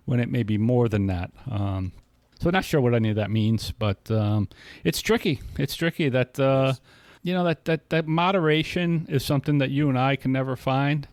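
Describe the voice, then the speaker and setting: A man's voice: medium pitch, a little fast, darkish tone, dry recording. A man co-hosting a podcast about sobriety, talking casually in long, rambling stretches full of restarts and retold conversations. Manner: rambling, many restarts, quoting others in dialogue. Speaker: podcast co-host. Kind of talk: casual recovery podcast chat.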